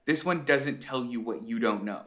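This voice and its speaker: A man co-hosting a casual podcast chat, telling stories in a lively, animated way. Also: mid-range voice, moderate pace. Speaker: podcast co-host.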